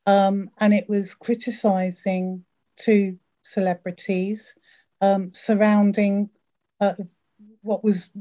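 Woman guest on a podcast, mellow dark voice, careful answers, kinda dull lo-fi sound. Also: medium pitch. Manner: modest, careful, hesitant. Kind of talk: interview answers.

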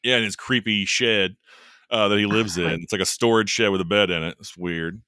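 A man co-hosting a casual chat, talking in a joking, wry way with quick asides. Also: on the low side, pushed and bright, dry recording, studio quality. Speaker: podcast co-host.

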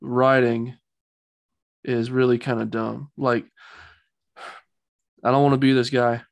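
A man's voice: mid-range voice, level tone, takes it slowly, vocal fry, no echo. Opinionated man with a dry close sound. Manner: opinionated, rambling, mocking. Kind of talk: casual chat.

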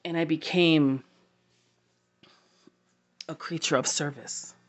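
A woman sharing a personal story to camera, halting and heartfelt, with long pauses. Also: low-pitched, fairly even intonation.

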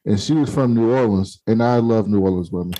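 A man's voice: on the low side, brisk, mellow, poor audio. A man co-hosting a podcast in casual chat, blunt and swearing freely. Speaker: podcast co-host.

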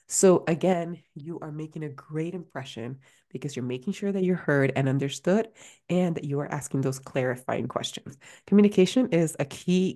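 A woman's voice: sits low, lively intonation, fairly quick, warm tone. A woman hosting a career-coaching podcast in a chatty, casual way, full of fillers and restarts. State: out of breath at times.

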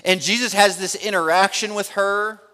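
A man preaching a sermon, asking his listeners rhetorical questions and speaking in slow, emphatic phrases. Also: sits high, steady tone, bright, forceful tone. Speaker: pastor. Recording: long reverb of a large hall.

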